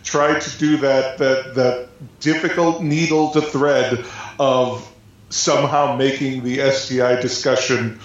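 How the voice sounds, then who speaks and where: A man's voice: medium pitch, steady tone, measured pace. A man, a podcast guest on a call, talking with wry, dry humor. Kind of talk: casual chat over a call. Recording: echoey dull call audio.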